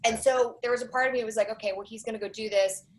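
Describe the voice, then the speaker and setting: A woman in her forties, a documentary producer, chatting as a guest on a podcast with animated storytelling and quick asides. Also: fairly high pitch, slight background noise, low-quality recording. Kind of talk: casual interview chat.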